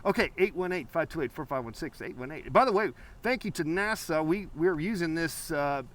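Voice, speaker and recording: A man's voice: fairly high pitch, lively intonation, fairly quick, a bit bright. A man hosting a live call-in painting show, rambling playfully with many fillers.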